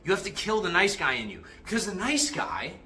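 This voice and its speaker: A man's voice: high-pitched, big pitch swings, fairly quick, pushed and bright. A young man on a livestream giving a profane, aggressive, confrontational motivational rant as coach and host.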